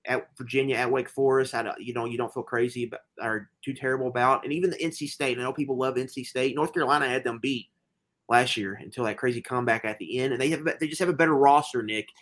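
A man talks through betting picks in a loose, rambling way, full of "um"s and false starts. His voice sits at an ordinary pitch for a man, with nothing unusual in its tone. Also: steady tone, quick pace, fairly bright tone. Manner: rambling, lots of fillers and restarts. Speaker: podcast co-host. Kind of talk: casual sports betting chat.

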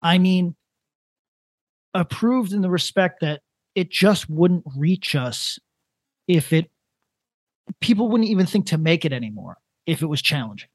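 A man in his thirties co-hosting a casual comedic podcast, rambling in a deadpan way with lots of restarts. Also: high-pitched, measured pace, long pauses, no room sound. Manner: rambling, deadpan, building to a prank. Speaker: podcast co-host.

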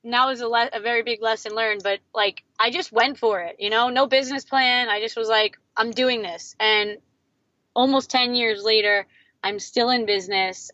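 A woman in her thirties, a guest on an interview podcast, telling her story in a lively way and acting out what others said. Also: no echo, dull audio. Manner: animated, acts out quotes in a higher voice. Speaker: guest, entrepreneur.

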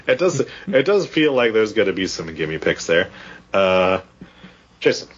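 A man with a low, husky voice hosts a casual podcast, his pitch swinging up and down as he talks. He laughs often and keeps things loose. The recording is dull and lo-fi. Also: sing-song, slow pace. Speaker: podcast host. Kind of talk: casual chat. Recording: dull lo-fi audio.

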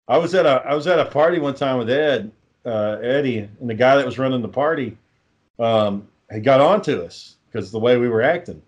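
A man's voice: mid-range voice, moderate pace, dull audio. Man, swears a lot, rambling stories, chuckles, casual chat. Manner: profane, rambling, laughs while telling stories.

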